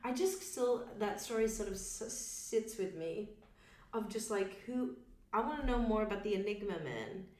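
A woman co-hosts a casual podcast, throwing in quick jokes and reactions. Her voice rings with a roomy echo. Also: mid-range voice, expressive, a little mellow. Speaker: podcast co-host. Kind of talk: casual chat.

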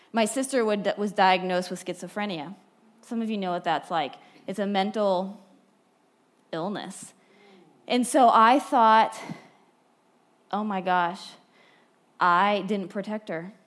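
A woman giving a sermon, telling personal stories in an animated way, swinging from bright and loud to hushed and low. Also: unhurried, pauses often. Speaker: speaker at a church talk.

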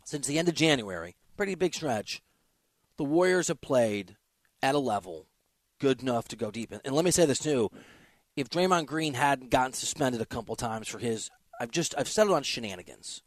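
A man's voice: medium pitch, expressive, moderate pace, no echo. A man hosting a sports talk show, giving an emphatic, opinionated monologue with offhand asides.

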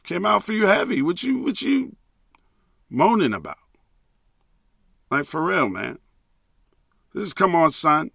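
Man, podcast host, profane emphatic rant, catchphrase repeated, fairly high voice, forceful tone. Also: very animated, unhurried, gravelly, long pauses, no echo, studio quality.

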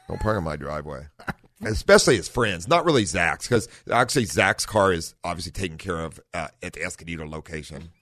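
A middle-aged man hosting a car talk radio show in a studio, relaxed and rambling, often correcting himself. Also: low voice, fairly quick, hardly any pauses, no room sound. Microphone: studio microphone.

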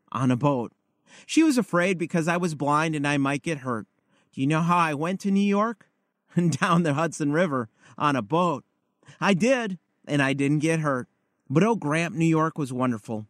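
A man's voice: on the high side, no echo, clean studio sound, natural voice. A man reading aloud the letter of an eight-year-old blind girl to her grandfather, in an earnest, confiding manner. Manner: earnest, wide-eyed, confiding.

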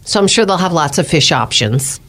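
A woman's voice: deep voice, lively intonation, brisk, fairly bright tone. A woman co-hosting a morning radio news show, chatty and teasing, laughing easily. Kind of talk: casual morning radio banter.

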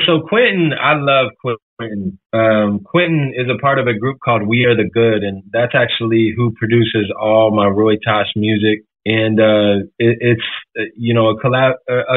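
A man's voice: medium pitch, fairly even intonation, normal speed. A man from Florida, a musician guest in a radio interview, talking earnestly and reflectively, at times emotional. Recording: tinny phone line.

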